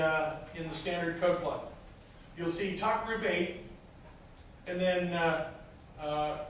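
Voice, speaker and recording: A man teaching a class, explaining technical steps one by one with frequent hesitations, recorded from across the room. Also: sits high. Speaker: instructor. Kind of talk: classroom lecture. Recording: echoey room from far off, faint noise.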